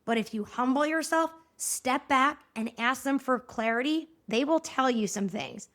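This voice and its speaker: A high-pitched woman in her thirties hosts a solo podcast talk. She speaks to her listeners directly, in a chatty, animated, encouraging way. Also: moderate pace. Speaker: podcast host.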